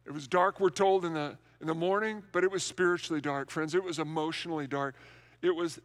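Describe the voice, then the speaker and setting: A man's voice: on the high side, steady tone, a little fast. A male pastor preaching an Easter sermon in a large, empty worship center, earnest and repeating words for emphasis.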